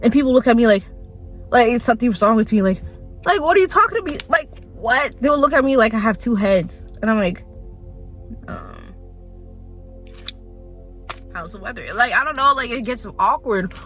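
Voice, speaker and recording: A young woman ranting casually into her phone, rambling with lots of "like", quick laughs and mock voices. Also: fairly high pitch, soft background music. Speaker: vlogger. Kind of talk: casual rant to camera.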